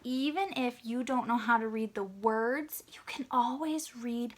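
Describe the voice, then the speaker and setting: A woman reading a picture book aloud to young children, asking them gentle questions and sometimes dropping to a hushed whisper. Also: fairly high pitch, measured pace. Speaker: children's story reader.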